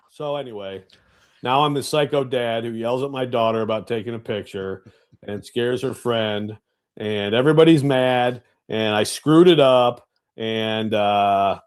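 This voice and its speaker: A middle-aged man co-hosting a radio show from home, telling a self-deprecating story with loud, animated outbursts. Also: medium pitch, normal speed, smooth. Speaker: radio co-host. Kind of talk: casual sports radio chat. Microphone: home setup on video call.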